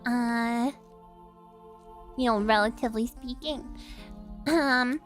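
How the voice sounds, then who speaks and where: A woman's voice: high-pitched, big pitch swings, moderate pace, long pauses, fairly bright tone, faint music behind. A young woman streamer, giggly and chatty, reading game dialogue and chatting casually. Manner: giggly and chatty, laughs often.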